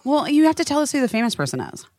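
A woman's voice: high-pitched, sing-song, racing, darkish tone, no echo, studio quality. A woman co-hosting a podcast, talking earnestly and candidly in casual chat, swearing now and then. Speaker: podcast co-host.

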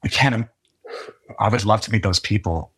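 A man's voice: on the low side, slightly rough. Earnest man guesting on a podcast. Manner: earnest, warm-hearted, quick to laugh. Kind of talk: casual chat.

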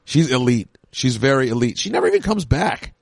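A man talking casually on a podcast while an old match plays, cracking jokes and drifting into rambling asides. His voice sits at an ordinary middle pitch. The sound is dry, with no room echo. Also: wildly swooping pitch, fairly quick, vocal fry. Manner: chatty, jokey, rambling asides. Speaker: podcast co-host.

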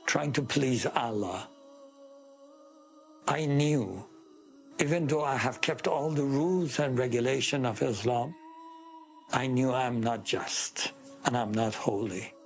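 A middle-aged man with an Iranian accent talks slowly and deliberately, weighing each phrase. His pitch sits in an ordinary middle range, and a faint bed of music runs underneath his testimony. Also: gravelly. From Iran. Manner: slow, earnest, emphatic storytelling. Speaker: interviewee. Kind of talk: testimony interview.

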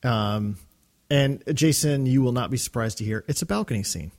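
A man's voice: mid-range voice, normal speed, a little mellow. A man co-hosting a fan podcast, talking enthusiastically with many fillers and restarts. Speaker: podcast co-host. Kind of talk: casual fan podcast discussion.

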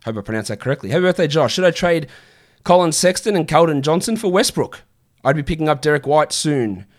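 A man's voice: a little high, lively intonation, fast. A man in his thirties hosting a casual fantasy basketball stream, answering viewer questions in a blunt, exasperated way with plenty of swearing. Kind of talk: casual livestream Q&A.

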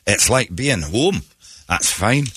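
A man's voice: on the low side, takes it slowly, a little hiss or hum. A man hosting a morning radio show, telling a story in casual chat and laughing as he goes. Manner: animated, laughing, puts on voices in quotes. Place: radio studio.

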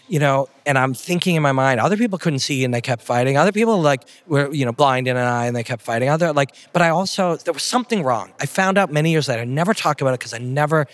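Speaking in a mid-range, slightly bright voice, this guest, a middle-aged fight commentator from Canada, swaps stories during a casual interview. He's blunt and emphatic, and his language gets salty.

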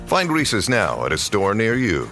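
A man's voice: on the low side, wildly swooping pitch, a little slow, gravelly, pushed and bright, soft background music. A man reading a scripted ad in a mock news style. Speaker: ad announcer. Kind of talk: scripted ad read.

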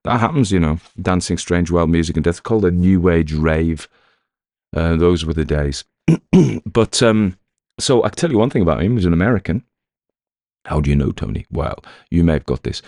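A man's voice: low voice, expressive, moderate pace, a little mellow, no echo, studio quality. A British man who hosts a story podcast, chatting casually after a reading, rambling with wry asides. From Britain.

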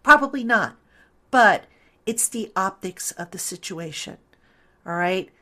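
A woman's voice: medium pitch, lively intonation, unhurried, bright, forceful tone. A middle-aged woman hosting a sports podcast, giving conversational, opinionated commentary with many fillers. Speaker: podcast host.

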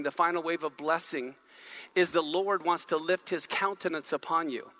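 A man's voice: fairly high pitch, normal speed, sharp tone. A man preaching a sermon, teaching animatedly and asking the congregation questions.

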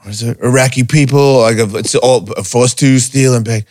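Animated, foul-mouthed man telling stories. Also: medium pitch, moderate pace. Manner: animated storyteller, heavy swearing, acts out quotes in a raised voice. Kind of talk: casual podcast chat.

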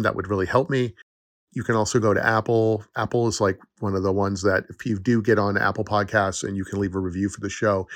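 Earnest low-voiced man hosting a podcast. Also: no echo, clean studio sound. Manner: earnest, encouraging, conversational with acted-out quotes. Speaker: podcast host. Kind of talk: casual solo podcast monologue.

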